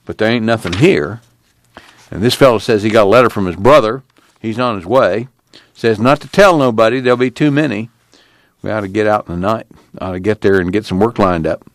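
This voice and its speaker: A man's voice: lowish voice, brisk, no echo, voice pushed down, lightly acted. A man voicing a weary, patient migrant worker man in a drawling, matter-of-fact rural manner. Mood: weary insistent.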